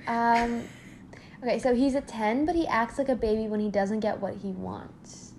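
Young woman, casual chat, hesitant and rambling, higher voice, echoey room, faint hiss. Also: steady tone, normal speed, a little mellow. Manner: hesitant, rambling, many restarts.

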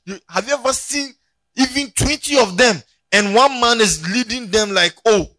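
An extremely high-pitched male voice, moving at a moderate pace on a dry recording, belongs to a pastor who jokes animatedly during his sermon and has the congregation turn to their neighbors.

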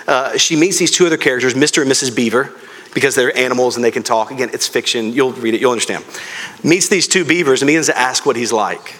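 A man's voice: medium pitch, fast, a bit bright. A man preaching a sermon as pastor, earnest and speaking directly to his congregation.

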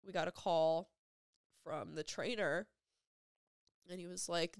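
A young woman vlogger telling a personal story, halting and emotional, with repeated phrases and frequent filler words. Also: fairly low pitch, steady tone, clean tone, dry recording, clean studio sound.

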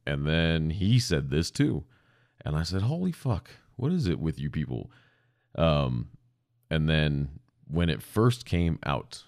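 Gravelly, very deep-voiced man rambling. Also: darkish tone, dry recording, studio quality. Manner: profane, self-deprecating, digressive. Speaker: podcast host. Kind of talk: casual rambling monologue. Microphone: podcast microphone.

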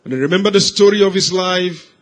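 A man preaching, telling a life story as a sermon, swinging from hushed, slow passages to loud, raised cries. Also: sits high. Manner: dramatic swings from hushed to shouted.

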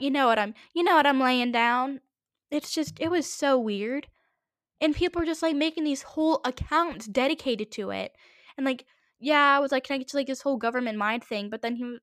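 A teenage girl hosting a solo podcast, ranting quickly and in exasperation, with many asides. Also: a little high, dry recording, clean studio sound. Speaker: podcast host.

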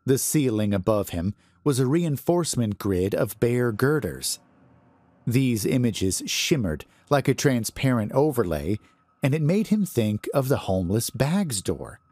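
A man reading a horror story aloud in a deliberate, expressive manner. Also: medium pitch, no room sound. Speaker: narrator.

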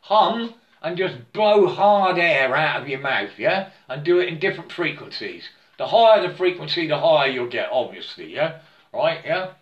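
A man with a slightly high voice and lively intonation rambles through a spiritual monologue, stammering, repeating himself, and constantly asking his listener "yeah?" The lo-fi recording has a roomy echo.

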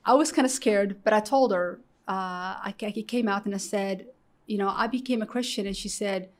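A middle-aged woman from Morocco recounts her life story as an interview guest. She talks animatedly, slipping into the voices of the people she quotes and leaning on "you know" as she goes. Her pitch sits in a middle range for a woman. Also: brisk. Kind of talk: candid personal storytelling.

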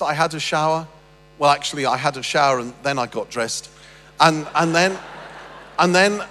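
A man's voice: on the high side, fairly bright tone, big-room sound. A man telling a humorous personal story on stage, rambling and self-deprecating with stammered restarts. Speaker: speaker.

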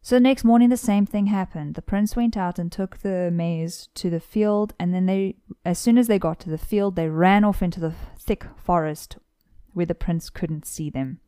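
A young woman casually retelling a folk tale on a podcast, lively and playful with asides. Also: on the low side, normal speed, clean tone, dry recording. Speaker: podcast co-host.

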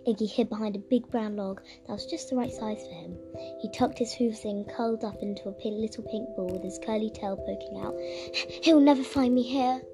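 A woman narrating a children's audiobook in a playful, expressive way. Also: medium pitch, brisk, creaky. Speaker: storyteller. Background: music.

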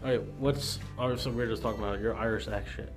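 A man's voice: lowish voice, steady tone, quick pace, over music. An American man co-hosting a podcast, tipsy, playful and egging his friend on with constant laughter. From United States. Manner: playful, eggs the host on, laughs often. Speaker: podcast co-host. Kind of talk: casual drunk banter.

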